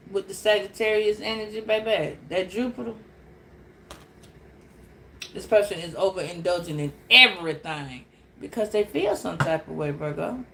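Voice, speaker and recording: A woman giving a casual tarot reading, blunt and profane, animated and laughing often. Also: mid-range voice, creaky, slight background noise. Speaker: tarot reader.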